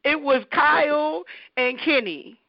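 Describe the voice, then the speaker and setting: A woman DJ telling stories as an interview guest, animated and acting out the people she quotes. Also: high voice, slow pace, gravelly, no echo. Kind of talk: conversational storytelling. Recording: dull, dry lo-fi recording.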